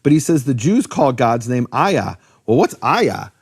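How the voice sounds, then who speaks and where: In a conversational lecture, a male Bible teacher explains the meanings of Hebrew names from the Bible. His mid-range voice is a little slow with a breathy edge, and he's animated, asking rhetorical questions and frequently restarting sentences.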